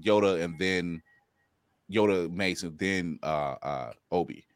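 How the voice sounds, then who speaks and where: A man's voice: low voice, slow pace, clear, resonant tone, dry recording. A man co-hosting a podcast in loose, casual chat, swearing freely, laughing often and acting out quotes. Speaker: podcast co-host.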